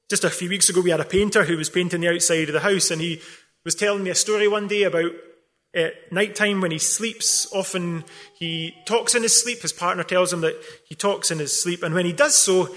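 A high-voiced man preaches with a bright, sharp edge to his tone. He drives his points home through rhetorical questions and slips in dry, joking asides. The delivery is that of a pastor in full sermon. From not from England.

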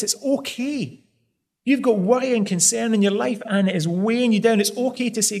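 A man's voice: high-pitched, moderate pace, vocal fry, darkish tone. A man preaching a sermon in an earnest, pleading way, pressing hard on key phrases.

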